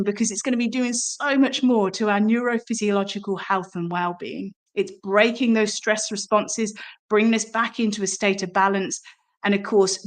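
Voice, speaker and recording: A middle-aged woman who teaches somatic movement talks straight to her listeners. She is encouraging and chatty, and she asks them questions as she goes. Her voice sits at an ordinary middle pitch for a woman. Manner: warm, encouraging direct address with rhetorical questions. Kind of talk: podcast-style promotional talk.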